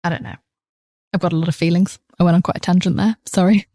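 A woman podcast host talks straight into the mic in a casual, passionate monologue. Her voice sits low, and she swears freely while speaking her mind. The sound is dry, with no room in it. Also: steady tone, fast talker, dark tone, dry recording.

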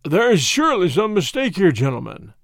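A man voicing a big, unctuous swindler who talks in a smooth, make-everything-easy way and turns to mocking jeers. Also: high voice, very animated, moderate pace, dry recording, studio quality. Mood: oily. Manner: oily, mocking. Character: burly unctuous swindler, smooth then sneering.

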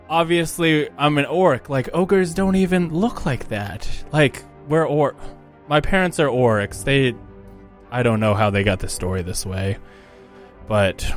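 A man's voice: medium pitch, pitched above the performer's own voice, natural voice. A man voicing a grieving young orc prince. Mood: earnest. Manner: halting, soft-spoken, hesitant. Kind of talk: tabletop role-play in character.

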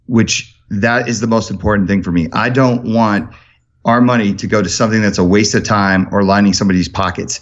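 A man's voice: on the low side, fairly even intonation, brisk, highs cut off. A man talking as a podcast guest, telling stories with energy and many restarts. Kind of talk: casual interview talk.

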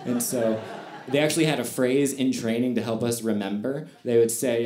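A man's voice: mid-range voice, animated, normal speed, a little mellow, reverberant. A man performing a stand-up comedy set, telling stories with self-deprecating, wry asides.

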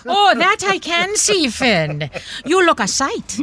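A sharp-tongued nun, as a woman acts her out, scolding in a high, swooping voice. Her sarcasm lands over clear studio laughter. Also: wildly swooping pitch, takes it slowly, a crowd in the background, heavily acted.

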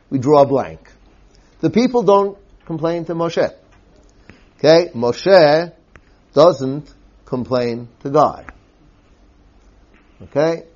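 A man's voice: on the high side, a little mellow, lo-fi sound. A man teaching scripture in a lecture, explaining step by step and often checking in with his listeners by asking "okay?". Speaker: Bible teacher.

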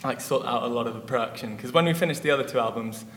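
A man's voice: medium pitch, racing, a bit bright. A man, a musician guest, chatting casually in an interview, rambling with lots of fillers. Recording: echoey hall with faint noise.

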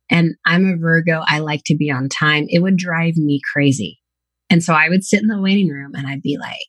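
A woman's voice: low-pitched, no room sound. A woman psychotherapist speaking candidly in a podcast interview, telling reflective stories about her own life and her clients. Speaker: psychotherapist guest.

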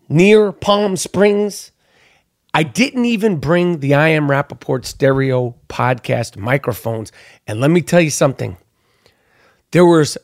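A man hosting his podcast, telling a story as a casual rant, swearing a lot and repeating himself for emphasis. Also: a little high. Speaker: podcast host.

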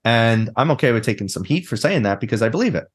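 A man's voice: medium pitch, animated, fast talker, husky. A man talking bluntly and animatedly as a guest in a casual interview, swearing freely. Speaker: guest, therapist and mindset coach.

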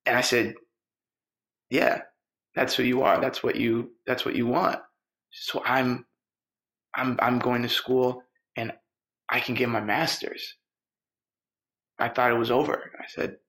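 A man telling a personal story, lively and quoting the people in it. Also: medium pitch. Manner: lively, quotes people in dialogue. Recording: roomy echo with faint music.

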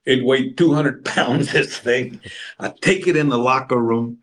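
Here an older Texan guest in an interview speaks a little slowly in a mid-range voice. A rambling storyteller, he shares anecdotes at length and voices the lines of the people in them.

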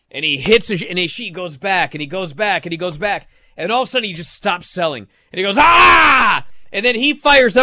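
On an excited wrestling podcast, this co-host gets animated, yelling out loud as he acts out moves. His voice sits high, and the close studio-mic recording is dry and clean.

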